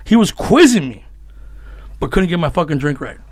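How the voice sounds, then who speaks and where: A man's voice: fairly high pitch, big pitch swings, dry recording. A man, a comedian guest, chatting casually on a podcast, swearing freely, telling stories and laughing often. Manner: profane, storytelling, quick to laugh. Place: small podcast room lined with foam.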